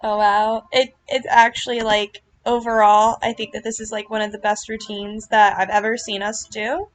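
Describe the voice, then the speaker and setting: A woman giving casual reaction commentary on a video, gushing and earnest, with lots of fillers and quick apologies. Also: medium pitch, level tone. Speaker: vlogger reacting to her club's riding routine.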